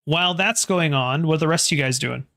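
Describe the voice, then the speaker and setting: A man serving as game master, narrating a tabletop horror game in a relaxed, conversational way, pausing to check his notes and ask the players what they do. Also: a little high.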